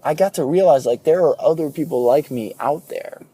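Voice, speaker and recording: A man's voice: fairly high pitch, a little fast, warm tone, husky. Earnest young man talking while driving. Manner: earnest, candid, occasional swearing. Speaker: podcast host. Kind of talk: casual solo podcast monologue. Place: car on a morning commute.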